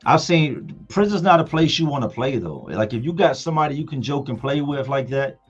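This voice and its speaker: A man's voice: mid-range voice, a little fast, slightly rough, lo-fi sound, faint music behind. A man hosting a livestream, telling stories casually with slang and acting out other people's lines. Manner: animated storyteller, slangy, acts out others' lines. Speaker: livestream host.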